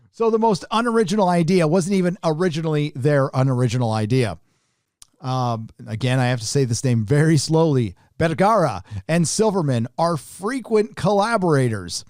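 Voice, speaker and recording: A man's voice: medium pitch, a little mellow, no room sound, studio quality. Sarcastic man ranting over a news article. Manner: sarcastic, scoffing asides. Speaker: commentary channel host. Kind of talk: mocking commentary reading a news article.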